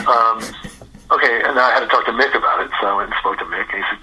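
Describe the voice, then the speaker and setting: An older male musician, a guest on a radio interview, telling animated anecdotes, acting out the dialogue, swearing and laughing as he goes. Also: mid-range voice, a little fast, breathy edge, low-quality recording. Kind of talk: storytelling interview chat.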